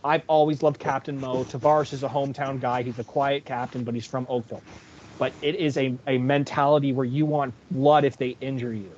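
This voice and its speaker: A man's voice: mid-range voice, fairly even intonation, fairly quick, a little mellow, slight background noise. A man co-hosting a casual sports podcast, ranting in a fired-up, profane way. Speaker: podcast co-host. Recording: dull lo-fi audio.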